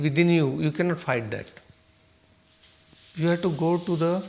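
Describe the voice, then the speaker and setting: A man's voice: a little high, a bit bright. A man giving a spiritual talk to a meditation class, asking the room questions and answering them himself, often checking "okay?". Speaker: meditation teacher.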